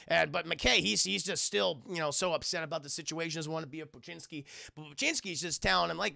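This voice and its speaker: A man's voice: a little high, brisk, gravelly, hardly any pauses, bright, forceful tone, no room sound, studio quality. A man streaming a casual, rambling review of a TV show, swearing often and talking to his chat. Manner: rambling and profane, addresses chat. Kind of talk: casual live-stream commentary.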